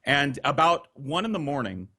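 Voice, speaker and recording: Brief: man, slightly high voice, casual profane storyteller on a video call. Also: moderate pace. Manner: profane, animated, acts out voices. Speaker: storyteller guest.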